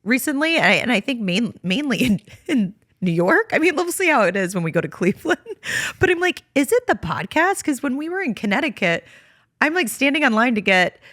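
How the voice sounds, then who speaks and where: Bright-voiced woman, chatty podcast co-host. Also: fairly high pitch, big pitch swings, fairly quick, dry recording, clean studio sound. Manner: rambling, many fillers like "like" and "you know". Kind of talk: casual chat.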